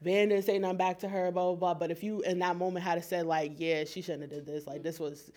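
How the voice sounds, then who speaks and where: A woman's voice: lowish voice, steady tone, a little fast, warm tone. A young adult woman speaking frankly and reflectively in a casual group discussion. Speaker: group participant.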